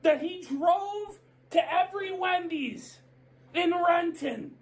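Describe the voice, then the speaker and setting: A woman ranting in a commentary video, shouting in profane mock outrage. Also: very high voice, slow pace.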